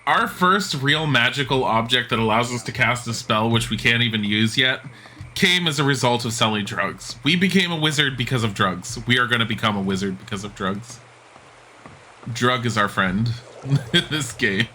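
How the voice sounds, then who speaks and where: Chatty sarcastic male game streamer, bright sharp voice, faint hiss behind. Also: medium pitch, animated, moderate pace. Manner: chatty, sarcastic, laughs often. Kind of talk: live gaming commentary.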